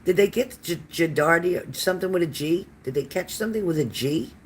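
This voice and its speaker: This psychic card reader's medium-pitched voice is animated and brisk, with slight background noise. Hosting a live stream, she warmly chats with viewers by name, calling them honey, and responds to comments amid fillers and restarts.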